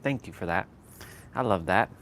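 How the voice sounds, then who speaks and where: A man talking into a phone on a gimbal while he walks outside, his pitch swinging up and down as he chats. He laughs easily and speaks loosely to his viewers. Faint street noise stays underneath. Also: animated, normal speed. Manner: chatty, laughs often, talks to viewers and passing sights. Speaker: motivational live streamer. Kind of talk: casual live-stream talk while walking outdoors. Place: outdoors on a street.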